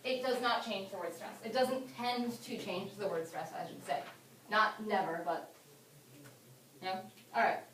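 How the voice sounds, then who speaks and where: A woman's voice: mid-range voice, unhurried, fairly bright tone, slight background noise. A woman teaching a classroom lesson, upbeat and encouraging, asking lots of questions. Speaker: English teacher. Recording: echoey classroom from far off.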